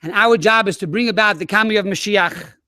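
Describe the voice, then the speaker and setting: A man, a rabbi, telling an animated story to schoolchildren over a webinar. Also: high voice, brisk, no room sound, clean studio sound. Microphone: webinar microphone.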